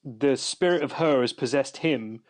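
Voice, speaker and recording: A man's voice: mid-range voice, measured pace, a little mellow. A man hosting a podcast, chatting casually and rambling with fillers and restarts. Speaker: podcast host. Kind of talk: casual chat.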